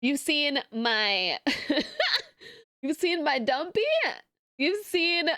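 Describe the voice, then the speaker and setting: A woman streamer chatting casually with her viewers, excitable and quick to laugh, often jumping up into a squealing high pitch. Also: dry recording, clean studio sound. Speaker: streamer reacting to memes. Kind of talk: casual live-stream chat.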